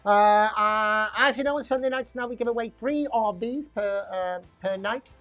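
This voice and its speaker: A woman's voice: mid-range voice, moderate pace, fairly bright tone. Chatty woman hosting a quiz. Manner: chatty, rambling, laughs often. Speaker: quiz host. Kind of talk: live online pub quiz hosting.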